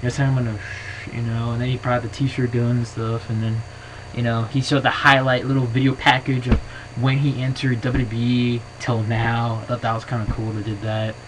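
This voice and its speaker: A man in a casual vlog, talking off the cuff into his camera's own mic. He rambles along excitably, leaning on "you know" and restarting his sentences. His voice is mid-pitched, and a faint ambient hum sits underneath. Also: normal speed. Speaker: wrestling vlogger. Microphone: built-in camera mic.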